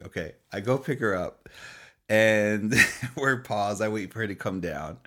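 Animated male pastor telling stories. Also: mid-range voice. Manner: animated storytelling, laughs often, asks "okay?". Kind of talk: sermon with personal stories.

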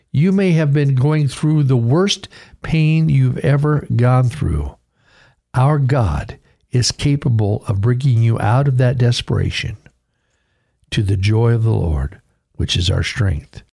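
A man's voice: medium pitch, animated, a little slow, vocal fry, a little mellow. A man, a pastor and radio host, preaching earnestly and reading scripture aloud in a radio sermon.

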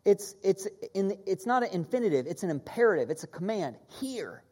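A woman preaching a sermon, teaching in an animated way, stressing key words and leading her listeners in repeating after her. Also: medium pitch, brisk. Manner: animated teaching, leads the audience in call-and-repeat.

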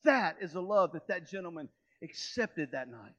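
A man preaching a sermon, telling a story and swinging between hushed and loud, fervent passages. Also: fairly high pitch, big pitch swings, moderate pace. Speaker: pastor.

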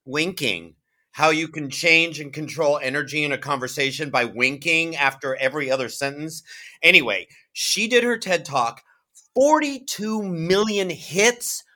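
An eager, gushing event assistant. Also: male voice, on the high side, animated, unhurried, sharp tone. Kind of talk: scripted comedy sketch.

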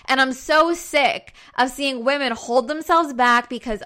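Young woman ranting to her followers, high bright voice, swears a lot, really fired up. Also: a little slow, few pauses. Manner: emphatic, repetitive, swears casually. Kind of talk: fired-up motivational monologue to followers.

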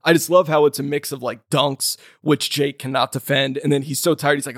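A man co-hosting a film podcast, retelling a scene with lively energy. He slips into the voices of the characters as he goes. His pitch is of middle height, and the recording is dry and close. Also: fairly quick, hardly any pauses, no room sound. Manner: animated storyteller who acts out quoted lines. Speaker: podcast co-host. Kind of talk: casual film discussion.

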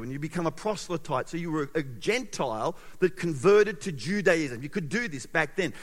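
A male pastor preaching a sermon in an animated way, with sudden loud emphasis and quiet, close passages. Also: a little high, brisk, few pauses. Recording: long hall reverb.

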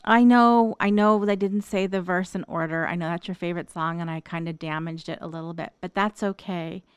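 Tender woman with a smooth low voice. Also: steady tone, a little fast, no echo. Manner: tender, reflective, addresses her late mother directly. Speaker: daughter writing an open letter. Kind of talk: heartfelt spoken monologue.

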